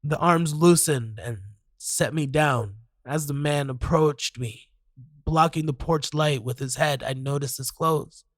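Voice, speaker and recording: A man narrating a first-person horror story with hesitant pauses and sighs. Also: a little high, dry recording.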